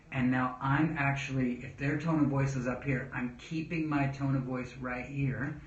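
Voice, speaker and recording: A man who serves as a children's pastor gives casual parenting advice to the camera, rambling and restarting as he goes while calmly demonstrating how to speak. His medium-pitched voice moves at a moderate pace with few pauses. The recording sounds roomy and dull with faint noise.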